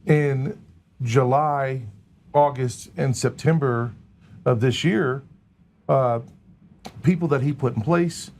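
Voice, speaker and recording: A man speaking as a guest in a casual interview, halting with many fillers. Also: mid-range voice, darkish tone. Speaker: guest, recovery organization leader.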